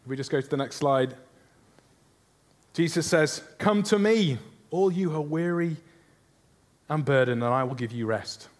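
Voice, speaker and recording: A man's voice: a little high, moderate pace, long pauses. A man preaching a sermon, earnest, often asking his listeners questions. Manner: earnest, asks the congregation rhetorical questions.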